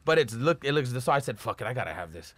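A man's voice: mid-range voice, sing-song, fast talker, a bit bright, no room sound. A man from Los Angeles, a pro skateboarder guest, telling a story in casual, profane street slang.

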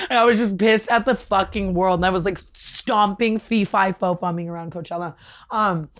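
A young adult woman co-hosts a laid-back podcast, swearing freely and breaking into giggles between stories. She talks loosely and acts out what her friends said in quick little bits. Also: medium pitch. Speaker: podcast co-host. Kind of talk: casual chat.

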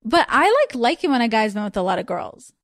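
A young woman hosts a podcast in casual chat, talking fast with a higher voice. She tells stories animatedly and acts out the voices in her quotes. The sound is dry and close. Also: animated, a bit bright, no echo. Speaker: podcast host.

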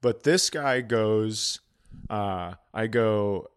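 A middle-aged man co-hosting a podcast, telling a comic story in casual chat, animated and swearing freely. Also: lowish voice, a little slow, clean tone. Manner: animated, swearing, voices others in quotes. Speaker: podcast co-host, comedian.

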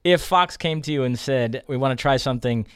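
A man co-hosts a podcast and fires off quick, probing questions in a relaxed chat. His voice is of middle pitch. The sound is dry and close, with no room echo. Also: smooth. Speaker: podcast co-host.

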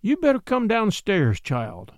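Guy putting on a gentle old granny, firm but kind, raised pitch, storybook. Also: wildly swooping pitch, a little slow, dry recording, clean studio sound, exaggerated voice. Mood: gently firm. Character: kindly stern old grandmother.

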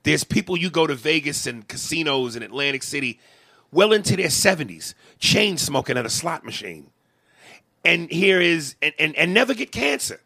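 A man's voice: a little high, vocal fry, bright, forceful tone. A man in his forties on a podcast, ranting with passion, swearing and stumbling over restarts. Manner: passionate, profane, stammering restarts. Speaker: podcast co-host. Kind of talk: emotional podcast rant.

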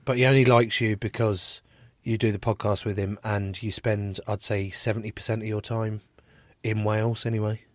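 A man's voice: on the low side, flat delivery, moderate pace, dry recording. A man from England hosting a podcast, joking around in casual chat and swearing freely. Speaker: podcast host.

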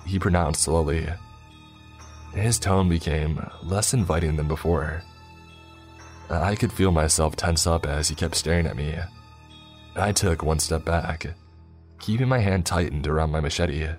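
Deep-voiced man telling a horror story. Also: moderate pace. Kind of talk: first-person horror story narration. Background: faint music.

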